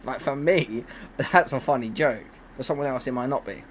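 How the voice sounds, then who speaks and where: A man's voice: mid-range voice, normal speed, a little hiss or hum. A man streaming live, chatting casually and rambling with many restarts and fillers. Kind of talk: casual chat on a livestream.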